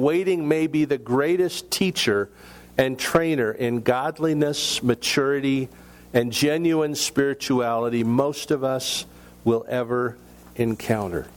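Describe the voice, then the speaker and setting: A man preaching a sermon in a slow, deliberate way, with measured pauses between phrases. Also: fairly high pitch. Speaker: pastor.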